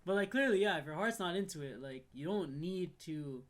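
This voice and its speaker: A man's voice: high-pitched, lively intonation, fairly quick. A young man co-hosting a casual chat, talking loosely with lots of "like" and "it's like". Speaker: podcast co-host.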